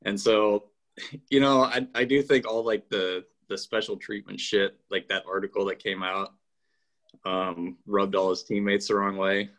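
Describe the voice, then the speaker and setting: A man with a fairly low voice co-hosts a sports podcast. He makes his case in a measured, hesitant way, full of ums and restarts. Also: flat delivery, fairly bright tone. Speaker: podcast co-host. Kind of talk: casual sports podcast banter.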